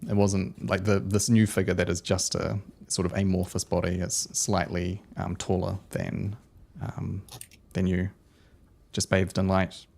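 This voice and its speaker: A man's voice: deep voice, level tone, unhurried, gravelly, darkish tone. A man running a tabletop role-playing game, narrating scenes with loose, searching phrasing and frequent filler words. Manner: descriptive narration with frequent ums and likes. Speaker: game master.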